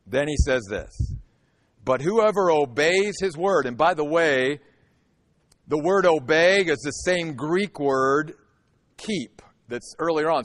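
A man with a notably high voice preaches earnestly from the pulpit. He builds his points steadily and pushes to emphatic peaks. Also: a bit bright. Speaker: pastor. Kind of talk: sermon.

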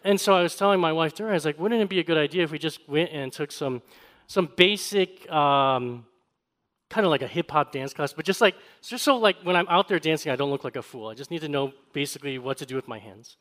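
A man delivers a sermon in a voice pitched a little high for a man. He rises to loud, emphatic questions and then drops into quiet, quick conversational storytelling. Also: expressive. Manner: swings from raised, emphatic preaching to quiet, fast conversational storytelling. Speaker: pastor. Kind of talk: sermon with personal stories.

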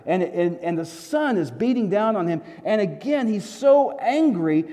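Male pastor, sermon, mellow slightly high voice, animated storytelling, long hall reverb. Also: moderate pace. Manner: animated storytelling with emphatic repetitions. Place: church sanctuary in a desert city.

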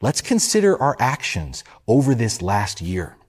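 A man's voice: medium pitch, wildly swooping pitch, a little slow, breathy edge. A man preaching a sermon, building his points through earnest rhetorical questions and emphatic repetition. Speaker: pastor.

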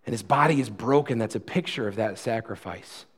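A man's voice: lowish voice, a little fast, slightly rough. A male pastor preaching a sermon about communion, earnest and conversational, often restarting his phrases.

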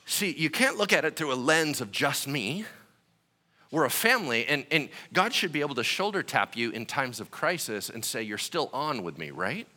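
A man's voice: a little high, expressive, normal speed, sharp tone. A male pastor giving a conversational sermon, checking in with listeners with "right?" and acting out quoted voices. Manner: acts out voices in quoted asides.

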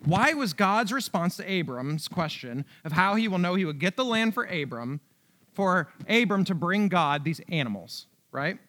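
A man's voice: high voice, big pitch swings, normal speed, fairly bright tone. A young man preaching on a Bible passage in a loose, conversational way, full of slang and tag questions. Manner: conversational, slangy, keeps asking "right?". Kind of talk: casual Bible teaching.

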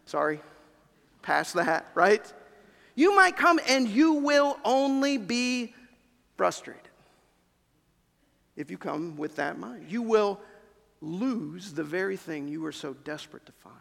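A man's voice: high-pitched, big pitch swings, takes it slowly, gravelly, long pauses, fairly bright tone. A man preaching a sermon as pastor, talking conversationally and addressing the congregation directly, in a church sanctuary. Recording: long reverb of a large church hall.

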